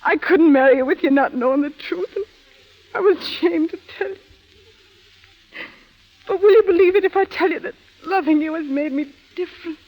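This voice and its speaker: Brief: tough young woman, very high voice, slangy and defiant, old-time radio drama. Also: normal speed, long pauses, a little mellow, poor audio. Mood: bitter defiant. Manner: slangy, tough street talk. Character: hard-bitten young woman, bitter and defiant. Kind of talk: 1930s radio drama acting.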